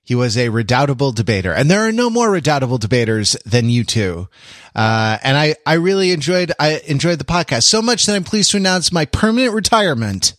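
A man hosting a podcast, talking casually and rambling through fillers and restarts. His voice sits at an ordinary middle pitch. The sound is close and dry, with no room to it. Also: big pitch swings, a little fast, fairly bright tone, no echo. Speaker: podcast host. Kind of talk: casual chat.

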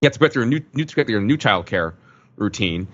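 A man's voice: fairly low pitch, animated, fast, fairly bright tone. A man co-hosting a podcast in casual chat, wry and chatty with many fillers, on a dull lo-fi mic. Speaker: podcast co-host.

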